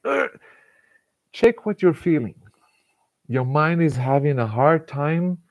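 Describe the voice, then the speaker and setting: A man, giving a casual, animated self-help talk and laughing often between thoughts. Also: a little high, no room sound, clean studio sound. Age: 40s. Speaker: motivational speaker.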